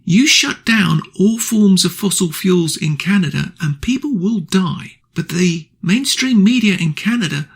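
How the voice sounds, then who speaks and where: A man's voice: high-pitched, animated, measured pace, few pauses, fairly bright tone, husky. A man hosting a radio show, delivering an angry political opinion monologue full of indignant, blunt insults.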